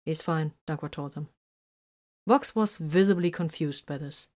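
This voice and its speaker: Brief: woman narrator, lowish voice, steady story reading. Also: normal speed.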